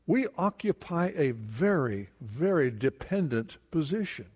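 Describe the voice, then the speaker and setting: A man's voice: fairly high pitch, very animated, a little slow, darkish tone, breathy edge, dull audio. A man preaching a sermon, asking the congregation questions and repeating words for emphasis. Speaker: pastor. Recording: long hall reverb.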